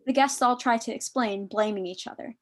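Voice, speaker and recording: A woman's voice: fairly high pitch, a little fast. Woman narrating stage directions. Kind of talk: reading stage directions in a live online script reading.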